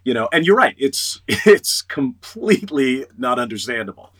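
Bright-voiced animated male storyteller. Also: medium pitch, moderate pace, breathy edge. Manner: animated storyteller, quotes others in lively voices. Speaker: voice actor guest. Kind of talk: casual interview storytelling.

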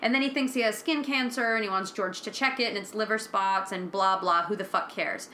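A woman's voice: mid-range voice, fairly quick, pushed and bright, roomy sound, a little hiss or hum. A woman podcast co-host in casual chat, recapping a TV episode, swearing freely and acting out characters' lines.

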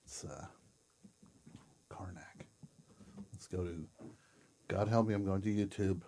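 A man hosting a casual comedy chat show, deadpan and joking, with bursts of loud laughter. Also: deep voice, takes it slowly, a little hiss or hum. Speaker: host.

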